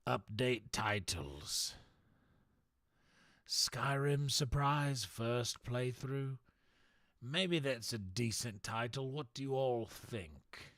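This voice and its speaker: Slow gravelly man in a mock-formal put-on accent. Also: mid-range voice, animated, fairly bright tone, no room sound, clean studio sound. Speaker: game streamer. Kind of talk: live stream chat to viewers.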